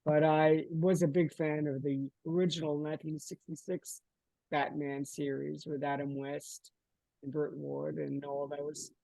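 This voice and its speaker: A man's voice: fairly high pitch, flat delivery, measured pace, vocal fry, dark tone, no room sound. An older man hosting a podcast interview over a video call, friendly and rambling with many fillers. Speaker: podcast host. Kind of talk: casual interview chat.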